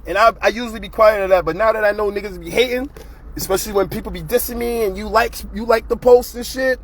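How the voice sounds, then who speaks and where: A man's voice: high-pitched, quick pace, slight background noise. A man hosting his own show, ranting bluntly and profanely in a casual, fired-up monologue. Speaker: show host.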